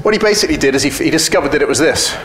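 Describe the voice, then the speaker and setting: A man's voice: fairly high pitch, expressive, very fast, noisy background. A man giving a casual conference talk, blunt and joking, telling anecdotes and swearing freely. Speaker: conference speaker. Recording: echoey hall.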